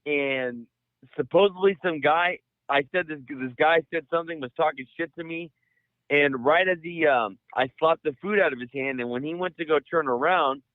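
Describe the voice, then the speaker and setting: Young man, from the Bay Area, swearing storyteller, slightly high voice, tinny phone-like sound. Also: normal speed, no echo. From San Francisco Bay Area. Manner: profane, rambling, animated storyteller. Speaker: podcast host. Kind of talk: casual storytelling. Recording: dry, phone-like audio.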